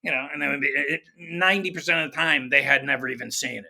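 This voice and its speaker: A middle-aged man telling showbiz stories in a relaxed chat, acting out the voices of the people he quotes with animated shifts. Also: medium pitch, fast, gravelly. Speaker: guest comedy writer. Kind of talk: conversational storytelling.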